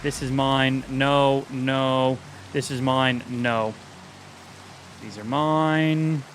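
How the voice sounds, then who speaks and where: A man's voice: mid-range voice, level tone, extremely slow, a little hiss or hum. A man live-streaming a video game, chatting casually about what he is doing and swearing freely when things go wrong. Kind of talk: live gameplay stream commentary.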